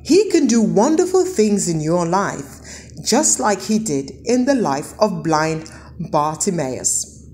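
A woman's voice: lowish voice, big pitch swings, slow, darkish tone. A woman giving a children's church lesson, asking the kids questions and answering them. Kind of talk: children's sermon.

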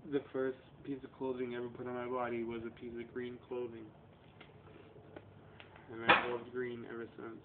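A man's voice: mid-range voice, completely flat delivery, moderate pace, pauses often. Man in his thirties, profane rambling vlog rant, phone-thin sound, faint hiss. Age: 30s. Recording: tinny lo-fi webcam audio with faint noise.

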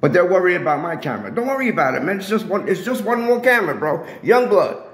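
It's a heated phone-filmed standoff in the indoor public area of a residential building, where a man repeatedly lectures security in a combative way. He talks fast in a high-pitched voice with big pitch swings, and the low-quality handheld recording echoes around the room.

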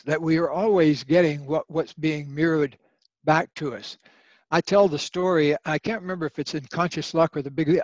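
Older guy author telling anecdotes, a touch higher voice, flat muffled dry audio. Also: no room sound. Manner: animated storyteller, acts out voices in anecdotes. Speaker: guest author. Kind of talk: storytelling in a podcast interview.

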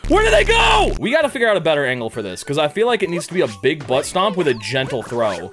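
A young man giving loud, jokey gameplay commentary, yelping and shouting at his mistakes and talking to his chat. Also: on the high side, fast. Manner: loud, excitable, frequent yelps and shouts; jokey, crude, talks to chat. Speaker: gaming YouTuber.

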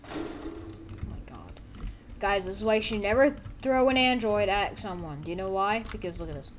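Rambling excitable woman commentating a game. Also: medium pitch, a little fast, slight background noise. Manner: rambling and excitable, with sudden yelps. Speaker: gameplay commentator. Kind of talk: casual let's-play commentary.

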